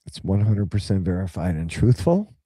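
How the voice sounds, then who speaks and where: A man co-hosting a casual live stream, bantering and mocking, now and then breaking into loud ranting caricature bits. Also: deep voice, big pitch swings, normal speed, husky, dry recording. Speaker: co-host.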